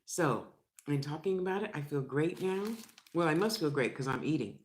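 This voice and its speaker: A woman's voice: low-pitched, moderate pace, slight background noise. An older woman chatting frankly into her vlog while she eats, laughing often. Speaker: vlogger. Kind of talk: casual chat while eating.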